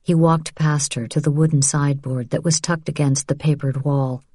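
A woman reading a novel aloud as narrator in a measured, even way. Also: low voice, husky, dry recording, studio quality. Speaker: audiobook narrator. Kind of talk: scripted narration.

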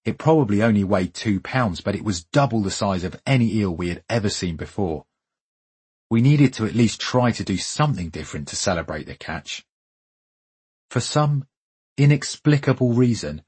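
Husky, low-voiced man telling a memoir. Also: animated, normal speed, darkish tone. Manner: wry, vivid, dramatic pacing. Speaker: storyteller. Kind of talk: scripted first-person memoir narration.

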